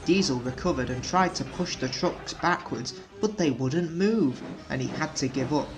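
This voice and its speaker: A man reading a children's storybook aloud in a measured, plain narrating voice. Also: on the high side, over music. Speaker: storybook reader.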